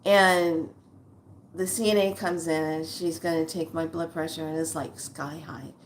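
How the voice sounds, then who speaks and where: Her voice sits low and steady, and she speaks a little slowly. This sixty-something spiritual vlogger tells viewers, her "lovelies," a personal story straight to camera, chatty, blunt and earthy.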